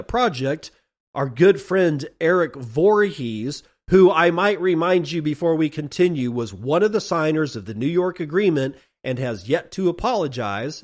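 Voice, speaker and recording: Guy ranting on his own podcast, kinda high voice, sarcastic, drags words out for emphasis. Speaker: podcast host. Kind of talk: solo commentary podcast.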